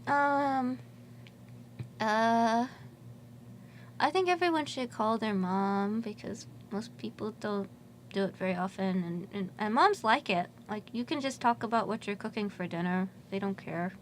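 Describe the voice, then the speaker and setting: A woman's voice: medium pitch, unhurried, a little hiss or hum. A woman guest in a college radio studio, chatting casually in a rambling way and laughing often. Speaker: musician guest. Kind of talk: casual radio interview chat.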